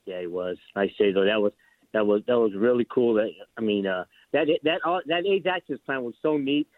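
A man's voice: lowish voice, brisk, dry recording. A man phones in to a sports talk show and rambles through a story, circling back with fillers and restarts. His voice comes over a tinny, narrow phone line. The sound is dry, with no room around it. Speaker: caller. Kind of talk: casual phone call to a sports radio show.

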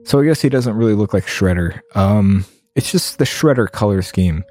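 A man reading through a game and commenting on it in a rambling, halting, wry way. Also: fairly low pitch, lively intonation, dark tone, soft background music. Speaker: game streamer.

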